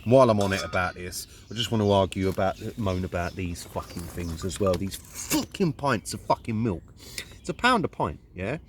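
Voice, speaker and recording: This Luton man's voice sits low and moves a little fast with few pauses over slight background noise, as he rants indignantly and profanely in a rambling monologue in his Luton accent.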